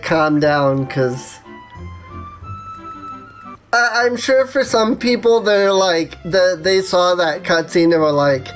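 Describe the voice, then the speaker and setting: A woman streamer giving casual livestream commentary on a game, emotional, halting and self-conscious. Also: lowish voice.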